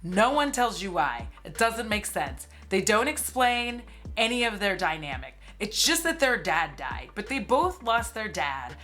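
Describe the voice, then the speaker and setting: A woman's voice: medium pitch, sing-song, measured pace, sharp tone, soft background music. Chatty sarcastic woman recapping a movie. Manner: chatty and sarcastic, heavy use of "like", swears freely. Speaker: movie commentary streamer. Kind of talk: casual movie recap commentary.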